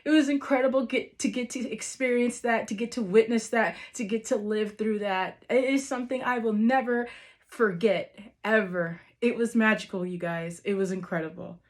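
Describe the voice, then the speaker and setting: A woman vlogger with a voice on the high side, a steady tone and a moderate pace gushes over a live wrestling event in a casual, emotional recap. She laughs often, calls out to her viewers, says "you guys" and "literally" a lot, and is near tears at moments.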